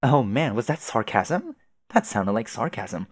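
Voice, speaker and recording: A man's voice: medium pitch, sing-song, unhurried, husky. A man voicing a haughty, sarcastic teenage girl troll who schemes and taunts. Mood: taunting. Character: snooty haughty female teen troll schemer.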